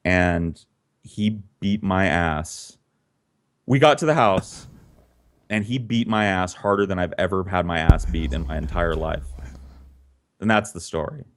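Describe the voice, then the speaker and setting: A man telling a story casually, animated and profane, laughing often. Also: low-pitched, measured pace, pauses often. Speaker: podcast storyteller.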